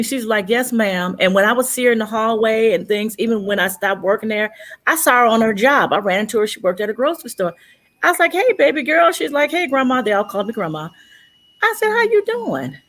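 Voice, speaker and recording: A woman's voice: a little high, fairly bright tone. A woman co-hosting a casual panel chat, telling stories and acting out the dialogue she quotes.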